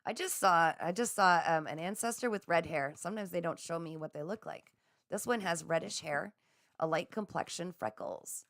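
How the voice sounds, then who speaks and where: Woman psychic host, low-ish voice, gentle and affirming, dry close sound. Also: no echo. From Canada. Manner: gentle, affirming, slow and soothing. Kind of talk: live spiritual chat reading viewer comments.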